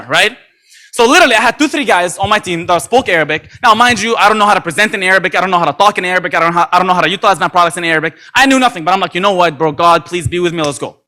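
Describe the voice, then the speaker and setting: A man giving an energetic motivational talk at a convention, acting out quoted dialogue with lots of repetition. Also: high voice, fast talker. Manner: animated, acts out quoted dialogue, many repetitions. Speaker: motivational speaker. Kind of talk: energetic storytelling speech. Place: convention stage.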